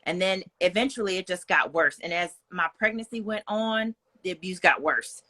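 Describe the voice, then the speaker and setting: A woman's voice: on the low side, normal speed, bright, forceful tone. A young woman, speaking as a guest in a candid, personal storytelling style, earnest and frank, with plenty of "like" and "you know".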